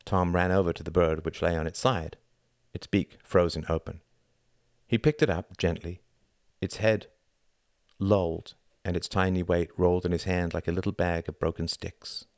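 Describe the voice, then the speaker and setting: Man narrating an audiobook, very low voice, bone-dry close recording, measured. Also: fairly even intonation, no room sound. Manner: measured and deliberate. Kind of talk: scripted narration.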